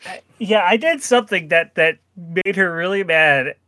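A man's voice: sits high, expressive, moderate pace, sharp tone, no room sound. A man chatting casually as a podcast co-host, rambling with many restarts and frequent laughs. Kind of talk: casual chat.

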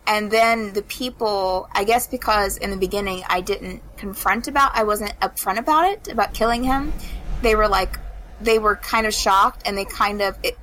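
A woman's voice: mid-range voice, moderate pace, a bit bright, a little hiss or hum, poor audio. A woman co-hosting a podcast, chatting casually about a video game in a rambling way and acting out the characters' lines. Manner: rambling, lots of fillers and acted-out quotes. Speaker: podcast co-host.

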